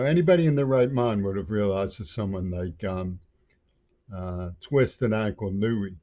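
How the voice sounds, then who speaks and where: A man with a low, dark voice rants angrily in a long monologue, stumbling and restarting his sentences. The recording is dull and lo-fi. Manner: angry, rambling, stumbling restarts. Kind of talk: ranting monologue. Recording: dull lo-fi audio.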